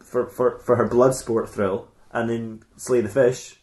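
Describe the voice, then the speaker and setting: A man's voice: mid-range voice, fairly even intonation, measured pace, darkish tone. A man hosting a podcast, improvising a comic story in a rambling, self-mocking way with bursts of laughter. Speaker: podcast host. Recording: roomy echo.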